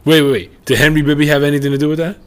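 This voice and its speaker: A man hosting a casual interview, backing up his guest with short replies and asking quick follow-up questions. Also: a little high, steady tone, a bit bright, clear, resonant tone. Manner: encouraging back-channel listener who asks short questions. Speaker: podcast host.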